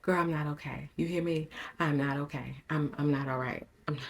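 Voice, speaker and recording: Her voice is low and steady with vocal fry, moving a little fast, as this middle-aged lifestyle vlogger addresses viewers casually. The story comes out dramatic and repetitive, her voice shaking from how rattled she is.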